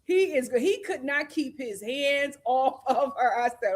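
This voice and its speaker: A high-pitched woman talks loosely through a live reality show review. She is chatty and opinionated, slipping into quick impressions of the cast as she goes. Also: lively intonation. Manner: chatty, opinionated, acts out cast members' lines.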